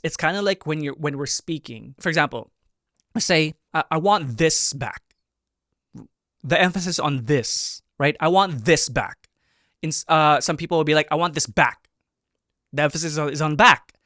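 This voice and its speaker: A lively man in his thirties, a performer hosting a reaction video, talks through a dance performance casually and animatedly, often breaking into excited exclamations. His voice is a little high and brisk, recorded close and dry with no room around it.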